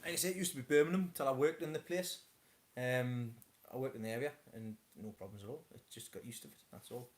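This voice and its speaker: A man's voice: mid-range voice, fast talker, slight background noise. A man hosting a casual live chat from home, rambling with many stammered restarts. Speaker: host of a live stream.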